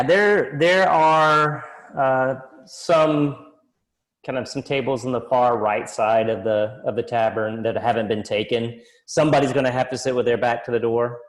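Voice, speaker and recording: A man running a tabletop game as dungeon master, describing scenes in a casual, halting way with many restarts. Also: medium pitch, poor audio.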